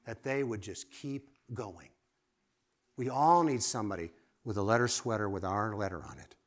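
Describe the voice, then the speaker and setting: A man preaching a sermon, lively and conversational, swinging from emphatic exclamations to quiet asides and asking the congregation direct questions. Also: lowish voice, normal speed. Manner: asks the audience direct questions.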